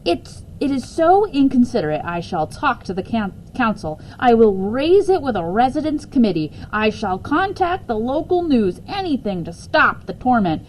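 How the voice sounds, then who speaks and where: A woman's voice: big pitch swings, normal speed, few pauses, a little hiss or hum, rough recording. A woman doing a shrieking, frazzled mother. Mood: indignant. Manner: shrill exasperated outbursts. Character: frazzled shrieking mother, fed-up, headline-talking.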